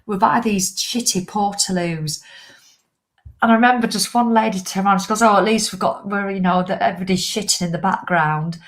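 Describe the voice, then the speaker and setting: A woman's voice: medium pitch, fairly quick. A middle-aged woman, a fitness coach, talking straight to her followers in a casual live video with blunt, impassioned swearing.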